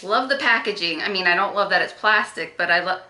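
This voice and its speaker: A woman's voice: mid-range voice, brisk, bright, forceful tone, slight background noise. A woman doing a casual makeup unboxing, chatty and gushing, with gasps and self-corrections. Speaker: beauty vlogger. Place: echoey room. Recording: roomy echo.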